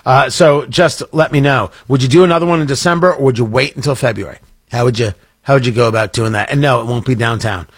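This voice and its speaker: Rambling, husky-voiced radio host. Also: male voice, medium pitch, fast talker, no echo. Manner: rambling, self-interrupting, jokey. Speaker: radio talk show host. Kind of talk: casual radio talk.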